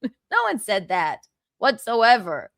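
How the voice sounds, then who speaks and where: A woman's voice: mid-range voice, very animated, slow pace, no echo, clean studio sound. A young woman hosting a livestream, chatting casually, reading viewer comments and laughing often. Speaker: livestream host.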